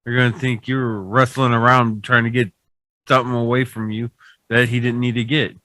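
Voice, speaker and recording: A man on a podcast who mostly offers short words of agreement and reassurance. His voice has a bright, forceful edge. It is recorded dry and close, with no room sound. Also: mid-range voice, level tone, moderate pace, dry recording. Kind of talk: casual chat.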